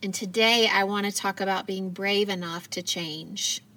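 Gentle earnest woman podcaster, slightly distant mic. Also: medium pitch, steady tone, normal speed. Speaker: podcast host. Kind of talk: reflective solo podcast talk.

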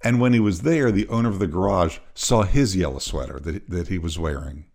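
A man hosting a podcast, telling a story in an animated way and acting out the voices. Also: low voice, fairly quick. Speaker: podcast host.

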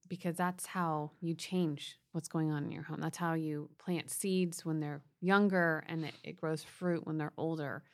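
A woman in her thirties with a low, gravelly voice co-hosts a podcast. She chats casually while explaining parenting advice.

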